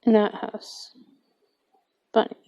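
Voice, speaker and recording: A young woman from Minnesota commenting on her gameplay in a soft-spoken manner, often dropping to a whisper and reading game text aloud. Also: slow pace, no room sound. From Minnesota, USA. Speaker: gamer.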